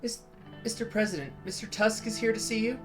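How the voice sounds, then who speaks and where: A man doing a flustered, high-voiced secretary. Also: fairly quick, a bit bright, soft background music. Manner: flustered, apologetic, stammering. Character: nervous young female secretary.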